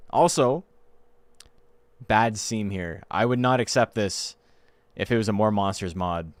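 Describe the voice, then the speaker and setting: A man's voice: sits low, a little slow, pauses often, no room sound, soft background music. A man, chatting loosely and swearing casually while commentating a game tournament on a stream. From Canada. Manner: loose and profane, laughing often.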